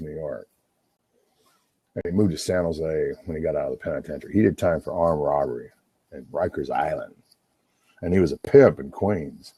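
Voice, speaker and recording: Middle-aged man, low dark husky voice, rambling and profane, dry sound. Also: no room sound. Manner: rambling, profane, talks over himself. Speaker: livestream host on a phone call. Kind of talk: rambling casual monologue.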